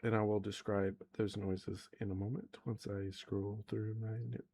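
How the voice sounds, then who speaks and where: A man running a tabletop game as dungeon master, narrating in a relaxed, rambling way and often correcting himself. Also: lowish voice, normal speed, no echo.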